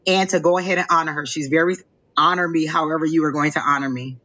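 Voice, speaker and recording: A woman's voice: sits low, steady tone, fast talker, pushed and bright, dull audio. A woman psychic medium giving a live reading, gushing and emotional, repeating exclamations of delight.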